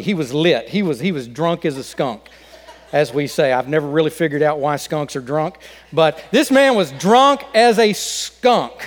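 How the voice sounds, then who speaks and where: Man, pastor, sermon, folksy storytelling, high voice, reverberant church. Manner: folksy joke-telling.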